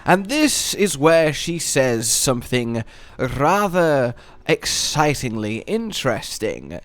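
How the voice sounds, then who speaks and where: A man's voice: mid-range voice, slow pace, dry recording. A man hosting a gaming video, talking through game lore in a playful, jokey way. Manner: playful, jokey wordplay, animated.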